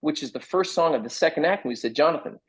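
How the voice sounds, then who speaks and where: A middle-aged man, a playwright, telling an animated anecdote and acting out other people's lines as he goes. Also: on the high side, fast talker, breathy edge, poor audio. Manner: lively, acts out other people's lines in quoted voices. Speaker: playwright guest.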